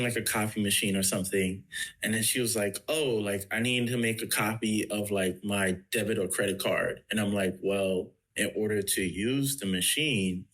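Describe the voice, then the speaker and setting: A man hosting a podcast, chatting casually and telling his own story in a relaxed way. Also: lowish voice. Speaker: podcast host. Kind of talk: casual chat.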